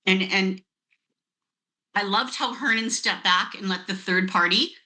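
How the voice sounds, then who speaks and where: A woman in her fifties, a network marketing guest, telling a lively story with laughs over a video call. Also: mid-range voice, a little slow.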